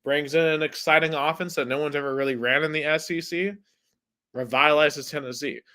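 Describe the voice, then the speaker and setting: A man's voice: a little high, fairly even intonation, a little fast, sharp tone. A man hosting a casual sports podcast, chatty and filling his talk with "like". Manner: chatty, heavy use of "like". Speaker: podcast host.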